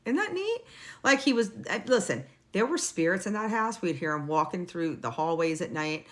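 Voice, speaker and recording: A middle-aged woman casually telling a personal story in a blunt, lively way, swearing now and then. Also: lowish voice, normal speed.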